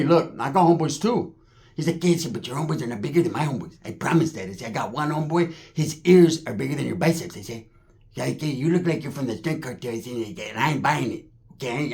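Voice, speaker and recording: A man with a Californian accent telling a rambling, profane street story full of slang and acted-out quotes. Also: on the high side.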